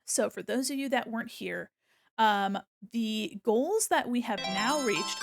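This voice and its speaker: A young adult woman hosting a charity live stream, gushing and excitable, often laughing as she thanks donors. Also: on the high side, a little slow, vocal fry. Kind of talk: casual live-stream chat.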